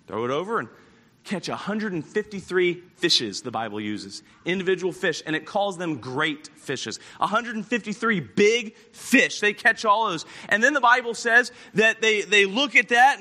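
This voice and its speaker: A man pastor preaching a storytelling sermon, animated and acting out the scenes as he goes. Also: high-pitched. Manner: animated, acts out the scripture scenes.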